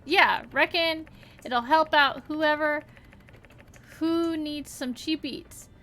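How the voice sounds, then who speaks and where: Brief: a woman acting as a scheming country rancher, put-on Southern drawl, bright and brassy. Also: high-pitched, takes it slowly, heavily acted. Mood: folksy. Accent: put-on rural Southern drawl. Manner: folksy, theatrical boasting. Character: scheming folksy male rancher, boastful.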